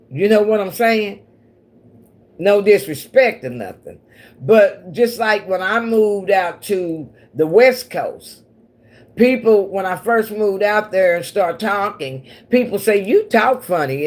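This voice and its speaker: A woman with a medium-pitched, somewhat dark voice hosts a casual livestream, chatting with viewers in a rambling way and laughing often. She comes from the central United States, from Missouri and Oklahoma.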